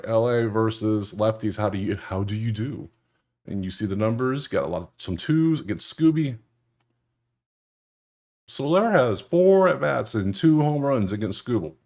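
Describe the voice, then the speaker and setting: Man, young adult, somewhat low voice, casual betting commentary, slangy, jokey, sudden loud outbursts. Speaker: sports betting analyst. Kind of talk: casual screen-share commentary.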